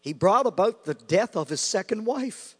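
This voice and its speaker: A man preaching a sermon with passion, repeating phrases and swinging between loud outbursts and quiet asides. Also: high voice, expressive, moderate pace, husky. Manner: impassioned, rising and falling sharply, repeating phrases. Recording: long hall reverb with mains hum.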